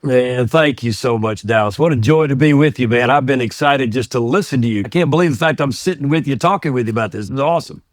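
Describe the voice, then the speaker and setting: A middle-aged man from Georgia talks as a podcast guest at a medium pitch, warm and enthusiastic. He tells stories readily and laughs easily. The recording is close and dry, with no room echo. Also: quick pace, few pauses. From US, grew up in Georgia. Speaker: podcast guest, ministry founder. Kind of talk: casual interview storytelling.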